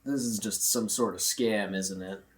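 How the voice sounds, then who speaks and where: A player voicing a gruff, suspicious mechanic in a tabletop game, with curt, deadpan replies. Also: deep voice, a little slow, distant mic. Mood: grumpy.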